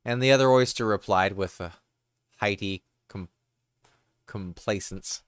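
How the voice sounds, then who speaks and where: Male reader for parables; deep, unhurried, occasional slips. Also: smooth, no room sound. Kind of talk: reading parables aloud.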